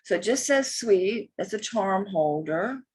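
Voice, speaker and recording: A woman's voice: mid-range voice, expressive, a little slow, darkish tone, husky. A middle-aged woman chatting casually and bluntly while selling jewelry online, swearing freely as she talks. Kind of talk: casual live sales chat.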